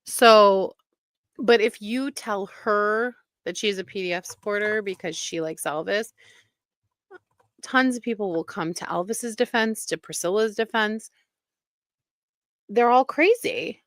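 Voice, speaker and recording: A woman's voice: mid-range voice, unhurried, long pauses, fairly bright tone, no echo. A woman hosting a casual commentary show, talking in an indignant, emphatic way. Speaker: commentary host.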